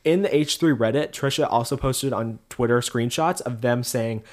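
A man's voice: mid-range voice, normal speed. Chatty man recapping online drama. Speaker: podcast co-host. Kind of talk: casual chat.

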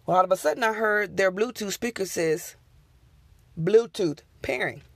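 Folksy woman storyteller, casual ghost tale told straight to listeners, middle-pitched voice, dry close mic. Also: fairly quick, fairly bright tone, no echo. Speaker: podcast storyteller.

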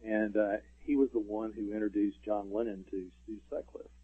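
A man's voice: lowish voice, moderate pace, breathy edge, no echo. Man, guest on phone line, tinny sound, dry, rambling. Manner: rambling storyteller, many fillers. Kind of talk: casual interview talk.

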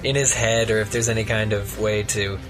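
A man's voice: on the low side, little pitch movement, fairly quick, over music. A man co-hosting a podcast in casual chat, rambling with frequent restarts and easy laughter. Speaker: podcast co-host.

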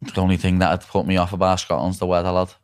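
A man's voice: deep voice, monotone, fast talker, smooth. A young man with a Scouse accent hosting a casual chat, slangy and saying "lad" constantly. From Liverpool, England. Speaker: podcast host.

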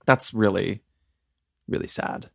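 A man co-hosting a casual podcast chat, joking, telling stories with animated swings and laughing often. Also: lowish voice, takes it slowly, gravelly, husky, dry recording, clean studio sound. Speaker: podcast co-host.

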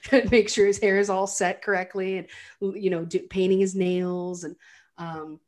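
A woman's voice: medium pitch, little pitch movement, normal speed, darkish tone. A woman co-hosting a casual chat, retelling a film with laughs and many fillers. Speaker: podcast co-host.

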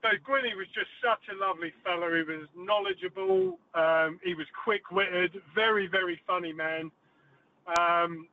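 Chatty man on a tinny phone line. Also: sits high. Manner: chatty storyteller, many fillers and restarts. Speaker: guest, former darts player. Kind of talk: phone-in radio interview.

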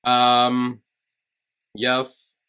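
A man's voice: medium pitch, completely flat delivery, very slow, pushed and bright, clean tone. A man hosting a podcast, recapping plot in casual chat with many fillers and acted-out quotes. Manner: hesitant plot recap, lots of fillers, acts out lines. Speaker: podcast host.

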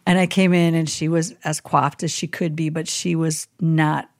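Chaplain lady w a low gravelly voice, dry close sound, tells stories all animated. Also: normal speed, no room sound. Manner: animated storyteller who acts out quoted people. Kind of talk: casual podcast interview.

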